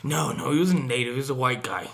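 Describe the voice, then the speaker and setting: A young man with a Utah accent co-hosting a podcast, telling stories in a profane, animated way. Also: medium pitch, quick pace, gravelly. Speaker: podcast co-host. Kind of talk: casual chat.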